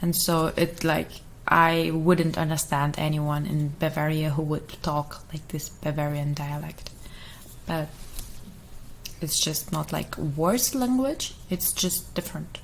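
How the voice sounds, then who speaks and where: Slow soft-spoken giggly woman, native Russian. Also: low-pitched, level tone, vocal fry, slight background noise, low-quality recording. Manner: giggly, rambling, drifts between soft voice and whisper. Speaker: ASMR creator. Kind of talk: soft-spoken ASMR chat.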